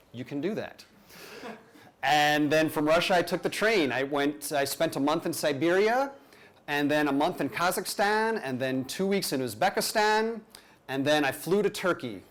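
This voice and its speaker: Man telling a playful story live. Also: mid-range voice. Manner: conversational, self-deprecating, playful asides.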